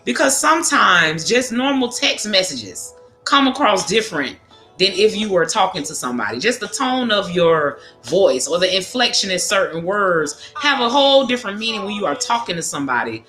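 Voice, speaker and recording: In an echoey room with background music, a woman hosts a relaxed livestream, chatting frankly with viewers and full of curses and laughter. Her medium-pitched voice is very animated and sharp, moving at normal speed.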